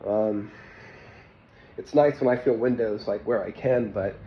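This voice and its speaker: A man's voice: lowish voice, a little slow, muffled recording, slight background noise. A man from the United States in a rambling, casual monologue, swearing often and out of breath from illness. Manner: profane, rambling, with frequent fillers. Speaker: vlogger.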